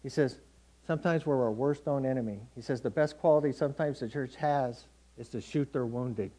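A man's voice: medium pitch, brisk, warm tone. A middle-aged man preaching a sermon in a conversational, storytelling way, acting out quotes from everyday people.

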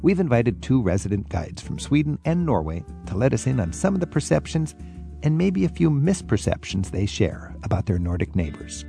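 A man's voice: medium pitch, big pitch swings, normal speed, gravelly, dark tone, soft background music. A man with an American accent hosting a studio chat, curious and prompting his guests with questions. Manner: curious, prompting, laughs often. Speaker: host.

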